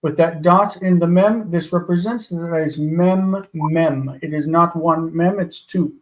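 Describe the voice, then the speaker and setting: A man co-teaching on a live call speaks through an earpiece. His voice sits a little high for a man. He explains patiently and corrects points precisely. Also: measured pace, poor audio.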